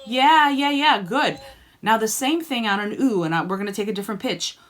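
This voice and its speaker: A woman's voice: on the high side, brisk. A woman singing teacher coaching students by name in an online group lesson, encouraging them and demonstrating sung vowels.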